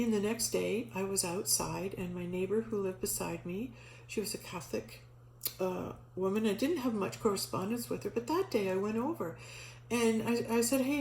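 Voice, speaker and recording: A middle-aged woman recounting a personal spiritual experience in a casual storytelling voice, at an ordinary pitch. She gets animated and acts out the voices she quotes, stumbling through restarts and fillers. The room around her is echoey, with a faint hum underneath.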